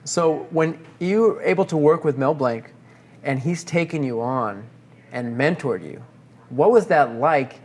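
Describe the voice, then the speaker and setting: A man hosting a podcast, asking his guest questions in a slow, deliberate way. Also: fairly high pitch. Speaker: podcast host. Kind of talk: interview questions.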